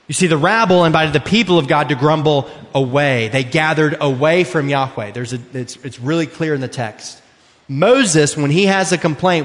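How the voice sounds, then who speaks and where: A male pastor in his thirties delivers an earnest, conversational sermon with a fairly high voice. He slows right down on the words he wants to land. The sound rings with a long hall reverb. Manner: earnest, conversational preaching with slowed emphasis. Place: church sanctuary.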